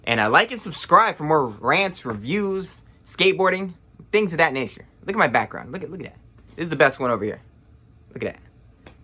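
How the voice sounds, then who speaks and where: Brash young man ranting, bright voice. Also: medium pitch. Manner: blunt, profane, sarcastic. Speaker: movie review vlogger. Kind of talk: casual ranting review.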